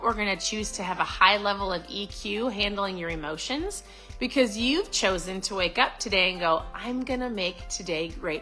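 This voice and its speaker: A woman's voice: mid-range voice, expressive, normal speed, pushed and bright, faint music behind, poor audio. A middle-aged woman giving a casual, upbeat motivational talk to camera, chatty with lots of fillers and restarts. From Florida. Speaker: vlogger.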